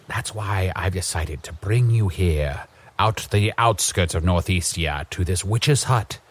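A man's voice: low-pitched, a bit bright. A man narrating an improvised fantasy comedy scene in a grandiose, polite way. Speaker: player and narrator.

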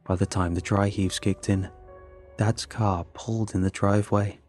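A man narrating a scripted horror story in a measured, ominous way. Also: lowish voice, little pitch movement, a little mellow, soft background music.

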